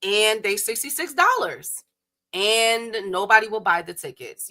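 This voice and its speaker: Young woman on a livestream ranting about boxing, blunt and slangy, bright voice. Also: mid-range voice, a little slow. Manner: animated, talks straight to her chat viewers, blunt and slangy. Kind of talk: casual livestream rant.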